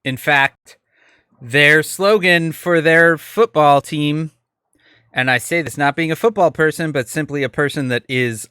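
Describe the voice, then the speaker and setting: A man in his thirties co-hosts a casual live stream, joking dryly and talking through mouthfuls of food. His voice is bright and smooth. The sound is dry and close, with no room around it. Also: on the high side, dry recording. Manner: wry, joking, talks while eating. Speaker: podcast co-host.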